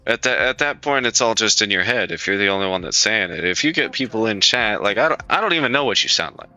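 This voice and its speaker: Over dull lo-fi stream audio and faint music, a man with a lowish, expressive voice talks fast with a sharp tone. Streaming live, he speaks bluntly and profanely to his chat, repeating himself as he reassures viewers.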